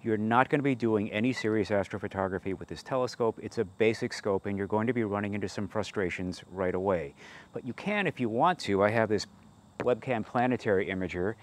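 A man's voice: lowish voice, fairly quick. A man giving a hands-on telescope review, practical and matter-of-fact, with dry joking asides. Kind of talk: product review walkthrough.

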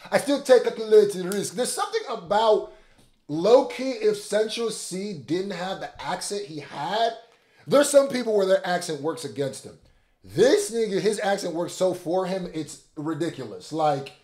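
A man from Niger hosting a casual reaction video, talking excitably with loud exclamations. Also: high-pitched, measured pace, roomy sound.

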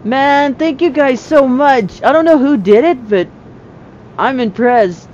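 A woman chats her way through a video game at a slow, easy pace, her voice sitting a little high. She laughs often and gets excitable. The sound is slightly muffled and lo-fi, with a faint hiss behind her. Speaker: gamer. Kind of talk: casual gameplay commentary.

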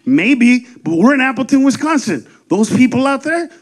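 A man performing a stand-up comedy set on stage, telling stories loudly with profane, shouted punchlines. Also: extremely high pitch, moderate pace. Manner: loud, profane, animated storytelling with shouted punchlines. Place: comedy stage before a laughing audience.

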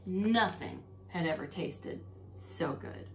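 A preschool teacher, a woman, reading a story aloud to young children, expressive and talking to them directly. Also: lowish voice, slow pace, slight background noise. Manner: animated and expressive, talks to children.

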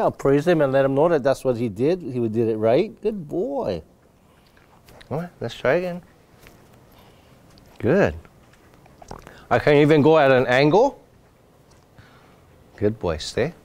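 A man demonstrating dog obedience training, calmly explaining each step and breaking into high, happy praise for the dog. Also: unhurried, long pauses. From Hawaii. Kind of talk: outdoor demonstration lesson.

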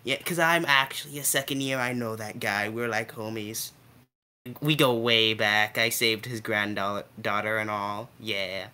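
A man's voice: lowish voice, fairly even intonation, pushed and bright. A young man playing his character in a tabletop game, sarcastic and joking. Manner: joking, sarcastic, quick wisecracks.

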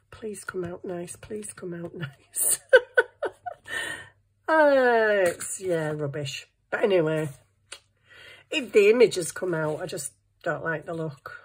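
A woman's voice: lowish voice, a little hiss or hum. A middle-aged woman, rambling and joking at herself while she does crafts at her desk at home. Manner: rambling, self-mocking, talks to herself while working. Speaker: craft vlogger. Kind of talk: chatty crafting vlog.

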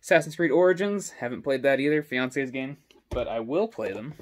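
A man's voice: mid-range voice, moderate pace. A young man giving a casual, rambling walkthrough of his game collection at home, filmed on a selfie stick, full of ums and uhs. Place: indoor home with stairs. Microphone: selfie stick camera.

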